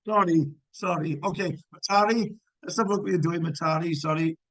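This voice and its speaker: Male physics teacher, fairly high voice, encouraging, explains step by step, dry close sound. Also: fairly quick, few pauses, a bit bright, no room sound, low-quality recording. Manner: encouraging, checks student work aloud, explains step by step. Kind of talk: live online class teaching.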